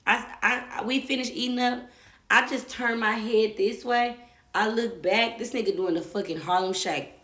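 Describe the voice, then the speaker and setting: A young woman telling a personal story live, animated and profane. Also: fairly high pitch, moderate pace, echoey room. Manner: animated, profane, acts out quotes. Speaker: storyteller host.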